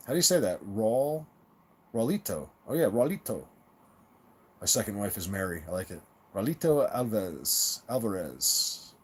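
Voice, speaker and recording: A man hosting a live stream, chatting casually with viewers in a rambling, stop-start way, repeating words and laughing at his own stories. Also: mid-range voice. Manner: rambling, with many restarts and stammered repeats.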